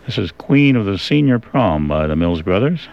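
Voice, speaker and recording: A man hosting a radio show of old records, talking in a relaxed, rambling way with many pauses and fillers. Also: fairly low pitch, gravelly. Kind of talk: casual radio presenting. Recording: dull lo-fi radio sound.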